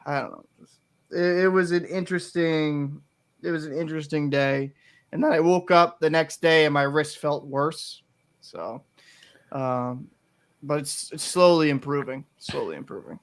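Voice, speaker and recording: Profane animated young man, higher voice. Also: a little slow. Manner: profane, animated storytelling, swears a lot. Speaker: podcast co-host. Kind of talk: casual podcast chat.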